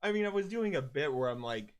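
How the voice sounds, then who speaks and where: A man's voice: on the high side, expressive, fast. A man chatting casually while streaming a video game, rambling and swearing, with many restarts. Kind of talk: casual gaming stream chat.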